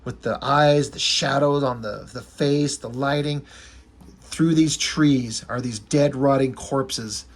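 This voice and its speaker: A man's voice: mid-range voice, slow. A man giving a casual, enthusiastic review of a comic book, rambling a little with fillers.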